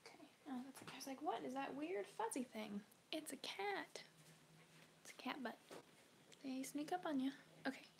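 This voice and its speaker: A woman's voice: high-pitched, lively intonation, normal speed, vocal fry, pauses often, a little hiss or hum. A woman chatting casually on a sewing livestream at home, often dropping into whispers as she works. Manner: muttering, often whispering to herself. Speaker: sewing vlogger.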